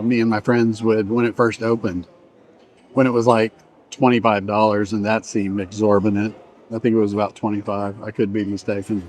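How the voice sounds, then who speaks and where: A man's voice: on the low side, darkish tone. A middle-aged man in a casual food-tasting vlog, chatting and rambling between bites in an indoor buffet restaurant. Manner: chatty, rambling, trails off mid-sentence while eating. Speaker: vlogger reviewing a buffet.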